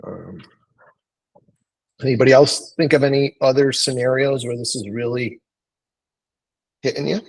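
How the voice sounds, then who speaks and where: Husky man hosting a group call. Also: medium pitch, a little slow, long pauses, poor audio. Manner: loose, conversational, many fillers. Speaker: host of a real estate training call. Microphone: video call.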